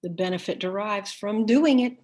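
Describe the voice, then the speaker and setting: A woman presenting a workshop, calmly leading listeners step by step through a body-awareness exercise with pauses. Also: mid-range voice. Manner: calm, step-by-step instructions with pauses.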